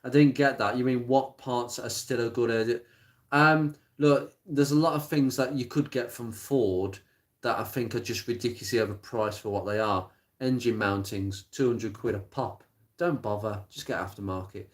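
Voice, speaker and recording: A man chatting casually on a live stream about car parts, plain-spoken and rambling, with many pauses and restarts. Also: medium pitch. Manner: rattles off blunt practical advice. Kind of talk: casual live-stream chat answering viewer comments. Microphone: smartphone.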